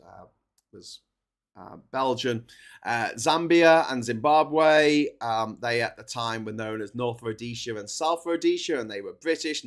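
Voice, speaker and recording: A man hosting a long livestream, talking through history in a loose, chatty way. He rambles, stumbles into restarts and fills gaps with ums and uhs. His voice sits at an ordinary middle pitch for a man. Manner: lively country-by-country list with a rising voice. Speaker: livestream host. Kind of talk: casual history talk on a livestream.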